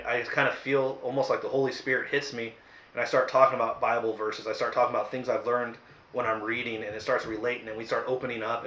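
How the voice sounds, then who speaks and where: A man's voice: medium pitch, sharp tone. A young man hosting a casual Bible study, reading a chapter aloud and then reflecting earnestly with many fillers. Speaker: host leading a Bible study. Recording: roomy, dull lo-fi sound.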